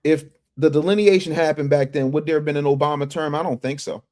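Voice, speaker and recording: A man hosting a casual livestream, reading viewer chats and commenting in an animated, emphatic way that repeats phrases and restarts often. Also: a little high, quick pace. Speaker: livestream news commentary host.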